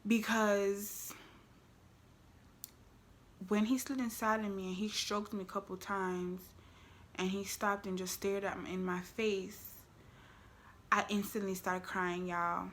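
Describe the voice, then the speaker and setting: A young woman vlogger telling a frank storytime to her viewers in casual slang, swinging from loud exclaims to hushed asides. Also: mid-range voice, flat delivery, slow pace, long pauses, a little hiss or hum.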